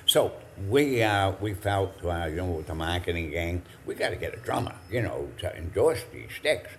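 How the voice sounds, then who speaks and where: Elderly man in his eighties, very low voice, rambling anecdotes, faint background hiss. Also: big pitch swings. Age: 80s. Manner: rambling, halting, chuckling storyteller. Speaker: guest, drumstick maker. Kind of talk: anecdotal storytelling.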